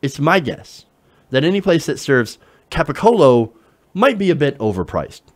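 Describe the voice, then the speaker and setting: A man talks through political commentary in a sarcastic, profane way, often stopping to laugh at what he reads. His voice sits a little high for a man and swings widely in pitch. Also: big pitch swings, moderate pace. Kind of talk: reading and mocking an op-ed, casual commentary.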